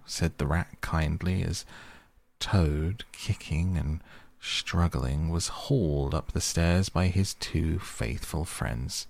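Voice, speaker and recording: A man reading a storybook aloud as narrator, slow and deliberate. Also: rumbling low, fairly even intonation, vocal fry, darkish tone.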